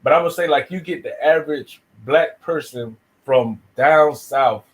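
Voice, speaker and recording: A man's voice: on the high side, unhurried. A man from the southern United States on a casual panel chat, reflective and slangy, making his points at length.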